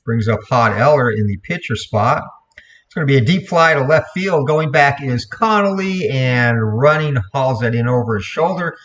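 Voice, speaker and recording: A man calling play-by-play for a replayed computer baseball game, in a steady voice, correcting himself now and then. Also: medium pitch, normal speed. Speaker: play-by-play commentator.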